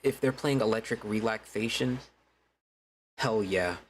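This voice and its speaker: A man's voice: fairly low pitch, unhurried, a little hiss or hum, low-quality recording. A man chatting casually to his viewers during a game stream, laid-back and swearing freely. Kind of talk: casual gaming stream chat.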